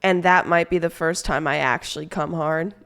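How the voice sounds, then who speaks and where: Young woman streamer, low-pitched voice, loose crude rambling chat with her viewers. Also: fairly even intonation, normal speed, a bit bright, clear, resonant tone. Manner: rambling, crude and playful, reads chat aloud.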